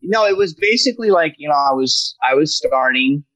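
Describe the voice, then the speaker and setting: Male comic guest, lively storyteller, dry close sound. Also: on the high side, moderate pace, no room sound, rough recording. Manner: animated storyteller, slips into character voices. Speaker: guest comedian. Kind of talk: casual podcast chat.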